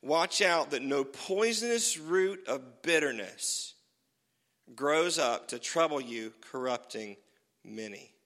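A male pastor preaching a sermon, retelling scripture in an animated way that swings from loud to hushed. His voice is fairly high for a man and bright and forceful. The sound rings with the long reverb of a church hall. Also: takes it slowly.

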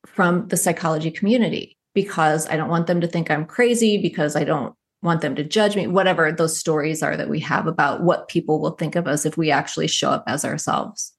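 A woman with a notably low voice, speaking as a psychologist guest on an interview show. She tells stories in a thoughtful, unhurried way, easing from one point to the next. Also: breathy edge. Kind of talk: conversational interview.

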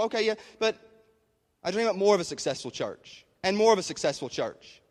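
Pastor, male, slightly high voice, emphatic, asks rhetorical questions, reverberant sanctuary. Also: very animated, brisk. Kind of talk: conversational sermon. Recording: long hall reverb.

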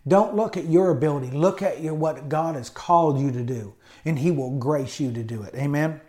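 A college-educated adult man, a pastor, preaches a sermon with emphasis and sprinkles in frequent amens and hallelujahs. His voice sits a little high, moving at a normal speed with a mellow quality.

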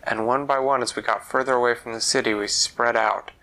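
A man's voice: medium pitch, steady tone, fairly quick, bright, forceful tone, rough recording. A man telling a fantasy story aloud, leisurely and repeating words for effect. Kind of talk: oral storytelling.

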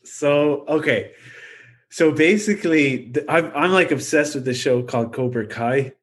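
A man co-hosting a podcast in casual chat, animated and rambling, with lots of filler words. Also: fairly high pitch, measured pace, slight background noise. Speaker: podcast co-host.

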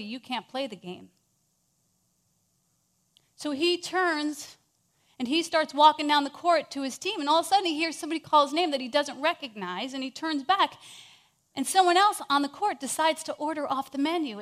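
A woman with a high voice telling an inspirational story in a sermon. She is animated and swings between hushed moments and loud ones. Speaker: speaker.

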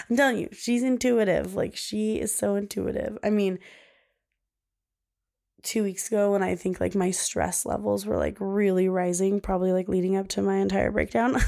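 A young woman talks casually on her podcast, rambling and saying "like" all the time. Her voice sits at a middle pitch with a gravelly, fried edge. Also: a little mellow. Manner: chatty, peppered with "like". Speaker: podcast host. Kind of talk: casual chat.

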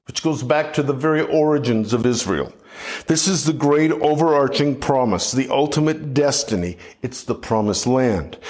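A middle-aged man preaching a sermon in a measured, reflective way, often restarting his phrases. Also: medium pitch. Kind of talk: sermon teaching.

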